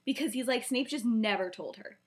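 A woman's voice: a little high, brisk. Chatty young woman retelling a story. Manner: chatty, heavy use of "like" and "he's like" quotes. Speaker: podcast co-host.

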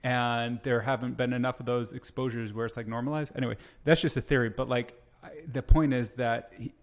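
Male co-host, mid pitch, gravelly, reflective casual chat. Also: fairly even intonation, a little fast. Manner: reflective, theorizing, frequent short agreements.

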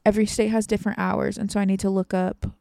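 A woman's voice: medium pitch, level tone, fast talker, gravelly, warm tone, dry recording, clean studio sound. A young woman from Louisiana co-hosting a podcast, teasing and laid-back as she chats casually over a video call. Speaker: podcast co-host.

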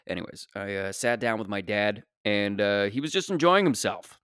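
Smooth-voiced young man rambling through a story. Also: fairly low pitch, lively intonation, moderate pace, hardly any pauses, fairly bright tone, dry recording, studio quality. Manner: rambling, digressive, trails off. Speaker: podcast host. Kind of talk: comedic solo storytelling.

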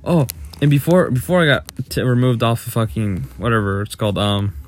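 A man's voice: medium pitch, lively intonation, a little fast. A young man co-hosting a podcast, casually telling a long, profane story about work. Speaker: podcast co-host. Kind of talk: casual chat.

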